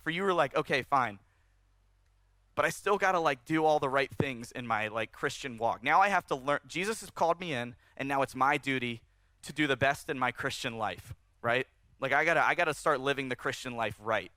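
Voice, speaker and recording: A man preaching a sermon at a church service, conversational and animated, rising in emphasis as he speaks to the congregation. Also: a little high, moderate pace, no echo. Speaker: pastor.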